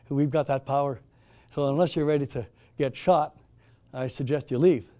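A man's voice: a little high, moderate pace, mellow, close to an everyday voice. A man voicing a stern male soldier giving a blunt, threatening ultimatum in a retold story.

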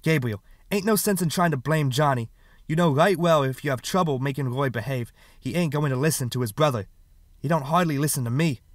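A man's voice: on the high side, fairly quick, dry recording, studio quality, pitched above the performer's own voice, close to an everyday voice. A man voicing a stubborn, defensive mother, answering firmly and defiantly. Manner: firm, defiant replies.

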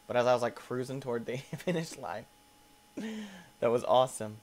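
A man giving excitable let's play commentary, yelping and squealing as things go wrong and talking to the characters on screen. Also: mid-range voice, normal speed. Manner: playful, talks to the game characters. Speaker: gaming YouTuber.

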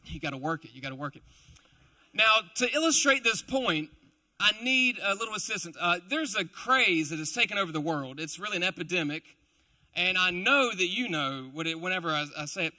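The young preacher, who also works as a school teacher, speaks a little fast in a high, expressive voice that's bright and forceful. His sermon to the live congregation is casual and humorous, chatty, with playful asides that poke fun at himself.

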